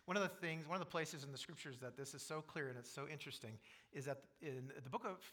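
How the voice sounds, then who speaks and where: A pastor preaching a sermon, explaining scripture in an earnest way and asking the congregation questions. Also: male voice, on the high side, quick pace, a bit bright.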